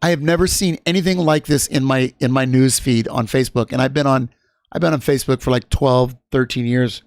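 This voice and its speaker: A man's voice: medium pitch, steady tone, a little fast, no echo, clean studio sound. A man hosting a stream, giving casual commentary in a rambling, profane, hesitant way. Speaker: streamer host.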